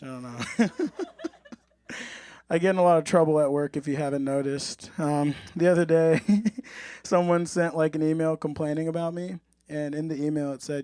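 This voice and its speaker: A man's voice: a little high, a little mellow, dry recording. A man from Orange County, California, performing a dry, self-mocking stand-up set on a comedy club stage.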